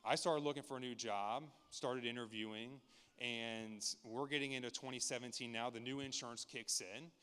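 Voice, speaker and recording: A man's voice: mid-range voice, fairly bright tone, smooth. A man in his thirties sharing a candid, earnest personal testimony with a church congregation, often restarting his sentences as he tells the story. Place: large church sanctuary. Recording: long reverb of a church hall.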